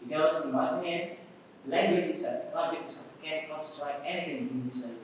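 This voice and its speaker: A man's voice: on the high side, a little fast. A male student answering in class, hesitant and repeating words as he searches for them. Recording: far off in echoey classroom, faint hum.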